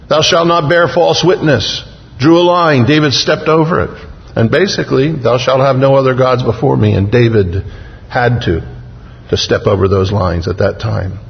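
A man preaching a sermon in an earnest, repetitive cadence, stressing his key phrases slowly. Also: fairly high pitch, vocal fry. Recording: dull, muffled audio with long reverb.

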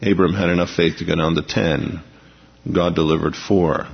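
A man's voice: low voice, steady tone, moderate pace, vocal fry, slightly rough. A man preaching a sermon to a large congregation, speaking emphatically and dramatizing the scripture he reads. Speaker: pastor. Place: large church auditorium. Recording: dull, echoey recording of a big church hall.

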